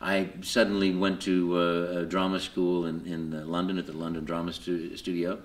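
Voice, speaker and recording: A man being interviewed at a convention, telling his story with lots of fillers and jumping into high put-on voices for quotes. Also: flat delivery, moderate pace, reverberant. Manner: lots of fillers and repeated words. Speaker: voice actor guest. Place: convention hall.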